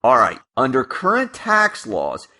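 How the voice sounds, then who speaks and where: A man's voice: mid-range voice, huge pitch swings, unhurried, sharp tone. A man hosting a personal finance channel, talking casually and emphatically through tax ideas, with asides and restarts. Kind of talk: casual explainer monologue.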